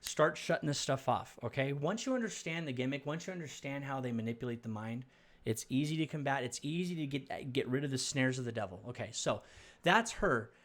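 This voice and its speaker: A man's voice: mid-range voice, animated, a little fast, a bit bright. A man commenting on video clips, preachy and stumbling, repeating words as he lectures viewers.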